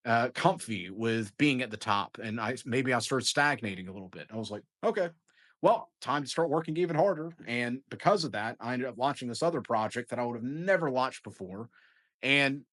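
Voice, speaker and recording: Man, casual podcast guest, energetic, lots of "like", mid-pitched voice. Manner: energetic, talks in quick bursts with lots of "like". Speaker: guest entrepreneur. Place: lives in Dubai.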